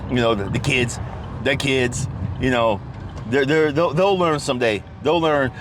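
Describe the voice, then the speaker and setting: A man's voice: mid-range voice, unhurried, background noise. A middle-aged man hosting his own podcast, ranting casually from his car, swearing heavily and restarting his sentences. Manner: animated, rambling, heavy swearing, frequent restarts. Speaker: podcast host. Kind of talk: casual profane rant. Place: in a car at a drive-through.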